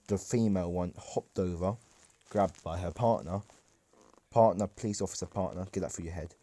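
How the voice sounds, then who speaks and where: A man's voice: fairly low pitch, animated, brisk, mellow. A man improvising a fan-fiction story in a rambling way, correcting himself and chatting to listeners.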